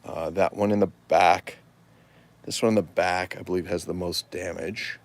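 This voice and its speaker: A man's voice: low voice, fairly even intonation, moderate pace. A man hosting a live collectibles show, chatting in a rambling, enthusiastic show-and-tell way.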